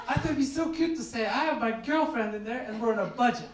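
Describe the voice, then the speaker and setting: A man from Turkey doing a stand-up comedy set, telling stories in a deadpan way and acting out the other people in them. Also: very high-pitched, fast talker, hardly any pauses. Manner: deadpan storytelling, acts out voices in quotes. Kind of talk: stand-up set with crowd work. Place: comedy club stage. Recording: roomy live club sound, mic distant, crowd noise. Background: audience laughter.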